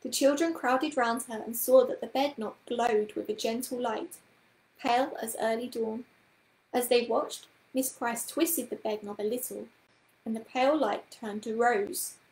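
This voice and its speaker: A woman reading a children's book aloud as a storyteller, with calm, even narration. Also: on the high side, unhurried. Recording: roomy echoing room.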